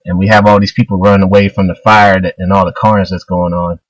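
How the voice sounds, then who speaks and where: A man's voice: sits low, little pitch movement, fast, dry recording, low-quality recording. A man casually retelling a manga chapter, loose and rambling, full of fillers. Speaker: manga reviewer.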